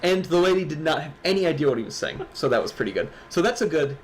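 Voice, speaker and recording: A man's voice: a little high, lively intonation, fast talker, slight background noise. A man with a Midwestern accent co-hosting an online awards stream, joking and teasing his co-host in casual chat. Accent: Midwestern American.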